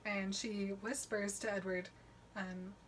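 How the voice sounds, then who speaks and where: A woman's voice: mid-range voice, a little slow, sharp tone, slight background noise. A woman co-hosting a podcast, chatting casually and laughing as she recaps a book and mock-quotes its characters. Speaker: podcast co-host.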